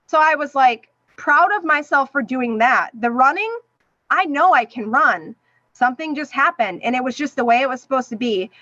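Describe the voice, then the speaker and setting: Podcast guest, middle-aged woman, high bright voice, animated storyteller, dry dull recording. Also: moderate pace, no room sound. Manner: animated, acts out quoted voices. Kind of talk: emotional personal storytelling.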